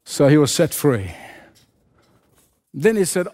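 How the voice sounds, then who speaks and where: A man's voice: on the high side, big pitch swings, takes it slowly, pauses often, a little mellow. A man preaching a sermon with an impassioned, repetitive cadence, hammering his points again and again.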